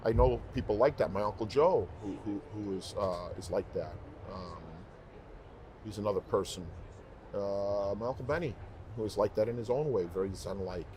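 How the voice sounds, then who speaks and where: A man who is a professional singer, guest on an interview show, telling stories in an animated, emphatic, rambling way. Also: on the low side, moderate pace, background noise. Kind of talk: casual interview talk.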